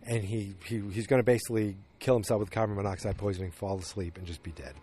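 Man, lowish voice, podcast host, casual recap, rambling, lots of restarts and fillers. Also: fairly even intonation, fast, dark tone, slightly rough. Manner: meandering retelling with frequent restarts and fillers.

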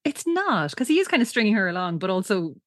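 Woman co-host, casual recap chatter, lively, laughs a lot. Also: medium pitch, quick pace, no echo, studio quality. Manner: animated, laughs often, acts out quotes. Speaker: podcast co-host.

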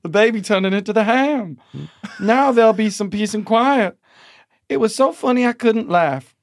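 A man's voice: sits high, normal speed, pitched above the performer's own voice. A man doing a mock American Southern accent as a genteel, dramatic Southern belle reading a letter. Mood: prim.

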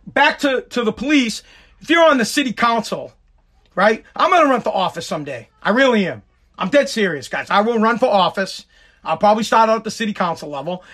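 A man's voice: high-pitched, a bit bright. A man with a tired, worn voice giving a profane, rambling, sarcastic casual monologue. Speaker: content creator.

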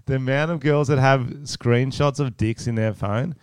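A man's voice: medium pitch, moderate pace, clear, resonant tone, no echo, studio quality. Profane, ranting man. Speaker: podcast co-host. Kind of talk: casual chat.

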